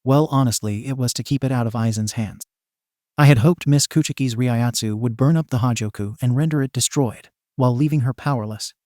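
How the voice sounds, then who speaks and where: A sly, scheming shopkeeper who talks in a smooth, polite way, read by a man. The tone is warm and mellow, and the recording is dry and close. It sounds like a storybook reading. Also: medium pitch, brisk, dry recording, lightly acted.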